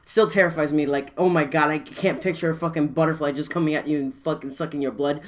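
A young man hosting a casual reaction video, talking excitably and swearing freely. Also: on the high side, fast talker, hardly any pauses. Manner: excitable, shrieks and swears when scared.

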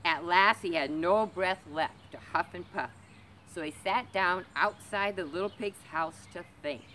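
A woman librarian reading a storybook aloud to children, gentle and expressive. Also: fairly low pitch, unhurried, slight background noise. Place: community library.

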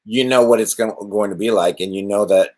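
Low-voiced man telling actor stories. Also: fast. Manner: animated, rambling, many restarts. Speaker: actor, guest. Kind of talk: casual interview storytelling.

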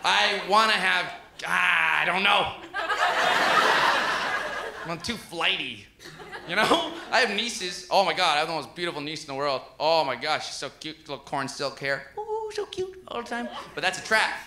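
A man in his thirties doing an animated stand-up set in a comedy club, often jumping into high-pitched voices for characters. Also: normal speed, vocal fry, slight background noise. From Canada. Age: 30s. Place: comedy club stage before a live audience. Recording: roomy live club sound with loud crowd laughter.

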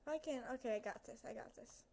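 A woman's voice: on the high side, quick pace, vocal fry, mellow, slight background noise. Nervous young woman narrating her gameplay. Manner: nervous, chatty, talks to the game's creatures and to viewers. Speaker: gaming video creator. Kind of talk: casual gameplay commentary. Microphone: headset.

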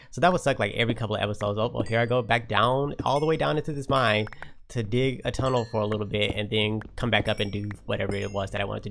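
A man talks his way through a long game session, thinking out loud and grumbling at his own mistakes. His voice has a gravelly, creaky edge at a middling pitch. A faint hiss sits under the recording. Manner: talks to himself while playing, frustrated outbursts. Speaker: Minecraft let's player. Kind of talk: uncut gameplay commentary.

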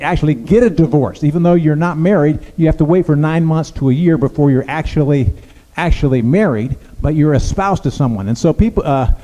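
A male pastor preaching a sermon in a conversational, halting way, with frequent restarts and fillers. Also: on the high side, mellow, in a large hall, poor audio. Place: church sanctuary.

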